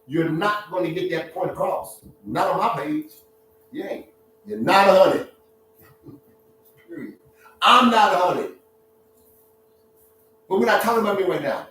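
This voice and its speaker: A man's voice: sits high, lively intonation, unhurried, pauses often, a bit bright. A man, hosting a casual live-stream monologue, joking and laughing often and acting out voices. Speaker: social media talk host. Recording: echoey room, far from mic.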